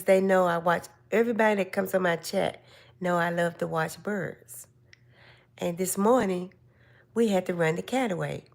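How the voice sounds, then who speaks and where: An older woman hosting a casual live stream chat, giving slow, gentle, motherly advice to her viewers. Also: mid-range voice, vocal fry.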